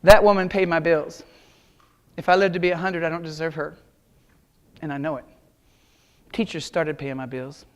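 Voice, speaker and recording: Middle-aged kansas guy, kinda high voice, cracking jokes at a big keynote crowd. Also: steady tone, normal speed, pauses often, clear, resonant tone. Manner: folksy, joking, audience-addressing. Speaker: keynote speaker. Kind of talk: motivational keynote storytelling. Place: large auditorium.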